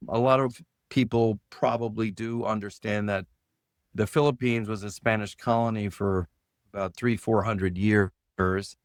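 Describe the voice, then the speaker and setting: Casting: middle-aged man, podcast guest, animated storyteller, dry close recording. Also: no room sound. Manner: animated storyteller, lifts his pitch sharply when quoting others. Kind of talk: storytelling in conversation.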